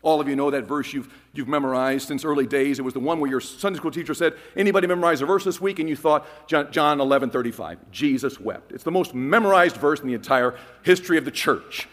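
A man preaching a sermon as pastor, emphatic, swinging from loud declarations to hushed phrases. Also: on the high side, fast, hardly any pauses, in a large hall.

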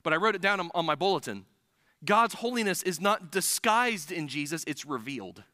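Bright-voiced, earnest male preacher. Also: a little high, animated, a little fast, dry recording, studio quality. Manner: earnest, building to emphatic. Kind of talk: sermon. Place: church.

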